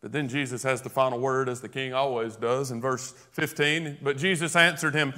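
A man's voice: mid-range voice, fairly even intonation, moderate pace, hardly any pauses, bright, forceful tone. A man preaching a sermon, emphatic and rising in volume on key points, with conversational asides to the listeners. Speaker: pastor.

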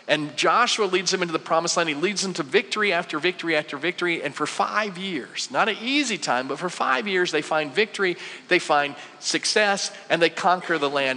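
A man's voice: a little high, pushed and bright. A man in his forties preaching a conversational sermon, asking the listeners questions and acting out what worried people say. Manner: conversational, acts out quoted voices, many rhetorical questions. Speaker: pastor. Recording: long hall reverb.

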